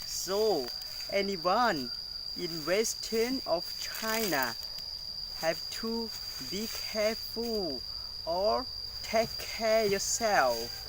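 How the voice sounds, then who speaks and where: A Lao-accented man gives a mock weather report in very slow, halting learner English. Loud outdoor noise and chirping crickets surround him. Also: sits high, expressive. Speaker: weather presenter. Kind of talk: student role-play weather report.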